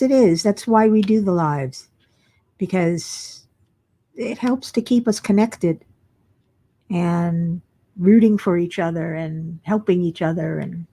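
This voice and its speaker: This is a weary woman on a casual crafting livestream, yawning as she chats with viewers and reads their comments aloud mid-project. Her voice sits on the low side and sounds mellow.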